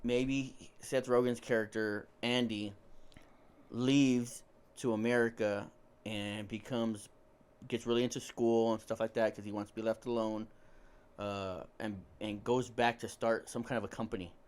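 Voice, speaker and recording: A man's voice: on the low side, level tone, unhurried, darkish tone, smooth. A young man co-hosting a podcast, spinning a comic story idea in casual, profane talk with laughs. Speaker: podcast co-host. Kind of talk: casual chat.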